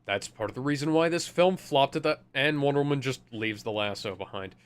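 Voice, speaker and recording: A man's voice: medium pitch, a little fast, clear, resonant tone. A man casually riffing on a movie as a commentary co-host, sarcastic and exasperated, swearing freely.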